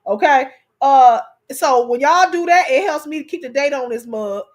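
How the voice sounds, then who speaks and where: A woman with a high voice hosts a livestream, chatting at a moderate pace with her viewers. She's playful and animated, laughing often and talking straight to them.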